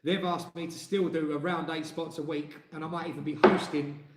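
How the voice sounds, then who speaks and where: A man's voice: on the high side, fairly even intonation, fairly quick. Chatty man in an echoey room. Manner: chatty, jokey, reads viewer comments aloud. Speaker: live stream co-host and singer. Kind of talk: casual live-stream chat.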